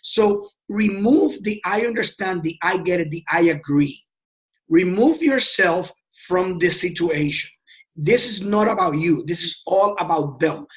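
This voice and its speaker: Man, high voice, sales trainer, casual teaching, emphatic, frequent restarts. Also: animated, a little slow. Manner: passionate and emphatic; repeats words and restarts often.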